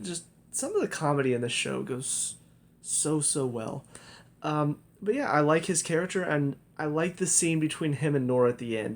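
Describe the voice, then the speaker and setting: A young man giving a casual spoken review, talking in a loose, rambling way with lots of fillers and restarts. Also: on the high side. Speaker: TV show reviewer.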